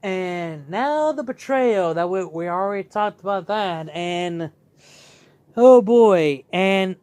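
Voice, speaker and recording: Young man, casual reviewer, high lively voice, slow, dry close sound, excitable. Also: clear, resonant tone, dry recording. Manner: excitable, animated, many fillers and re-enacted quotes. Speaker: channel host reviewing a show.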